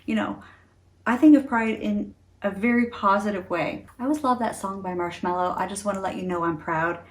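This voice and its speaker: A woman's voice: mid-range voice, fairly quick. A middle-aged woman in a casual talk to camera, chatty and earnest, laughing often. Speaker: beauty vlogger.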